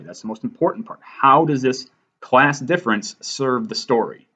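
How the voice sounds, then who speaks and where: A man's voice: medium pitch, fairly bright tone, muffled recording. A man hosting a writing lesson over slides, casual and self-deprecating. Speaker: writing teacher and host.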